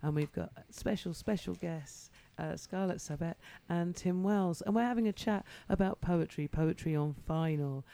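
Woman, radio host, gravelly, mellow dark tone, chatty. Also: on the low side, normal speed, few pauses. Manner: warm, enthusiastic, many fillers. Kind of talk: casual radio chat.

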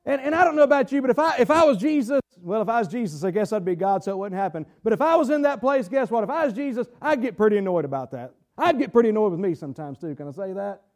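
A man's voice: sits high, very animated, fast talker, few pauses, darkish tone. A man preaching a sermon in church, drawling, stretching words, asking the congregation questions. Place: church sanctuary.

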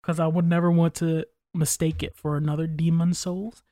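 A man's voice: fairly high pitch, level tone, normal speed, hardly any pauses, warm tone, no echo, studio quality. A man chatting casually on a podcast, opinionated and rambling, with frequent swearing. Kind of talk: casual chat.

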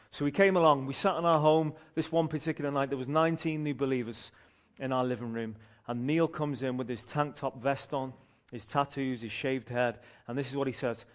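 A man, a street pastor telling a story from the pulpit in an animated way, often restarting his phrases. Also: mid-range voice, fairly quick. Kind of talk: sermon testimony storytelling.

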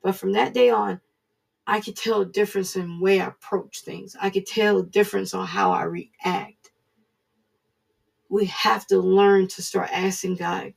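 A woman's voice: mid-range voice, flat delivery, measured pace, creaky, slightly rough. A woman giving an earnest, conversational devotional Bible teaching, speaking encouragingly as a Bible study teacher.

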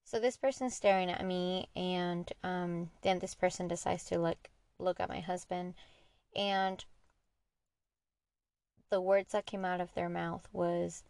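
A woman's voice: fairly low pitch, steady tone, unhurried, creaky, a little mellow, clear, resonant tone, dry recording. A young woman hosting a podcast, candidly retelling a personal story in an earnest, conversational monologue. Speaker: podcast host.

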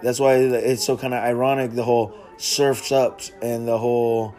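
A man's voice: medium pitch, level tone, moderate pace, dark tone, faint music behind. A man hosting a casual podcast chat, laid-back and slangy, swearing freely. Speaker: podcast host.

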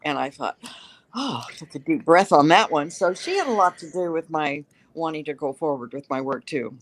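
A woman's voice: low voice, expressive, moderate pace. An older woman, a guest writer, telling stories in a chatty, self-mocking way during a casual interview. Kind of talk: casual interview chat, storytelling.

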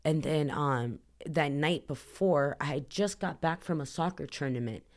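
A woman's voice: low voice, a little slow, darkish tone. A woman as a podcast guest, earnestly telling a personal story in a rambling way, full of "like" fillers. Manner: earnest, emotional retelling.

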